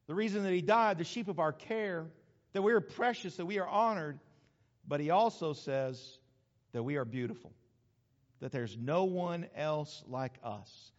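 A man's voice: sits high, normal speed. A male pastor preaching a sermon in a church, emphatic and calling out to the congregation. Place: church sanctuary. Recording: echoey hall, dull lo-fi sound.

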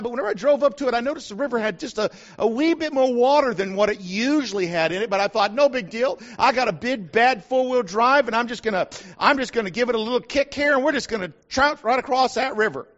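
A middle-aged pastor with a very high, somewhat bright voice preaches a sermon at a quick pace, hardly pausing. He tells a personal story in a folksy storyteller manner, acting out what people said, on a dull lo-fi recording.

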